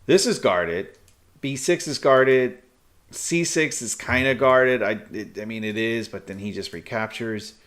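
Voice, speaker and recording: A man streaming live chess, thinking aloud in halting, muttered bursts as he calculates moves. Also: mid-range voice, lively intonation, fairly bright tone.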